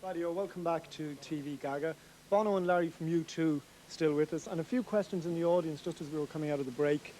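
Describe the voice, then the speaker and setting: A fast-talking man hosts a live studio show with a mellow, rounded voice, pitched a little high. He prods his guests along with quick questions and small murmurs of agreement. Faint studio ambience hangs behind him. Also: slight background noise. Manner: brisk, prompting, interjecting short agreements. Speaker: TV talk show host. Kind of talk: hosting a live TV interview. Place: TV studio with an audience.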